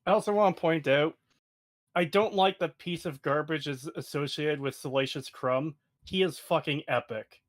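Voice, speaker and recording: A man's voice: a little high, moderate pace. A man co-hosting a stream, casually questioning points in a video. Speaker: stream co-host. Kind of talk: casual chat reacting to a video.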